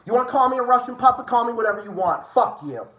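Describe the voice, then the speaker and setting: A man's voice: very high voice, lively intonation, fast, muffled recording. A man hosting a livestream, ranting with heated, profane political commentary. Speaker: livestream host. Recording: roomy echo.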